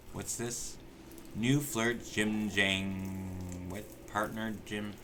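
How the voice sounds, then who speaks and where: Deep-voiced, exasperated swearing streamer. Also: male voice, steady tone, extremely slow, background noise. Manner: exasperated, profane, talks to the characters. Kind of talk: casual gameplay commentary.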